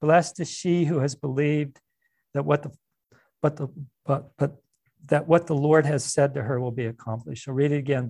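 A man preaching a sermon as pastor, animated and conversational, with asides and restarts. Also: mid-range voice, moderate pace, creaky, no echo, clean studio sound.

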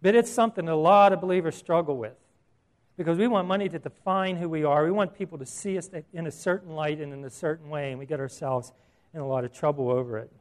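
A man's voice: on the high side, fast talker. A middle-aged man preaching a sermon as a pastor, earnest and emphatic, asking his listeners questions.

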